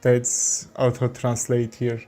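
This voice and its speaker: Man, Armenian accent, native Armenian speaker, chess stream commentary, slow, monotone, hesitant. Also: mid-range voice, soft background music. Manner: halting non-native English with many fillers and restarts. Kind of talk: live-stream commentary while playing.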